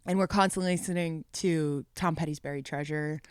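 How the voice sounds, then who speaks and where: Smooth animated young New woman. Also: deep voice, dry recording, clean studio sound. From New York. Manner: animated, laughs often, quick asides. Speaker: musician guest. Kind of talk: casual podcast chat.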